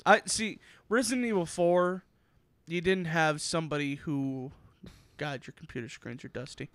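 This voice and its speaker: A young man co-hosting a casual gaming podcast, animated and swearing freely, now and then slipping into put-on voices. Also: on the high side, moderate pace, no room sound. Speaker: podcast co-host. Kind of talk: casual chat.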